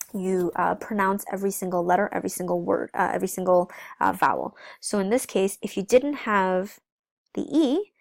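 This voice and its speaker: A woman's voice: medium pitch, no room sound. Dry, close-miked woman teaching a lesson. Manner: explains step by step, checks in with "okay?"; switches between English and Spanish. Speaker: Spanish teacher. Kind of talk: recorded classroom lesson.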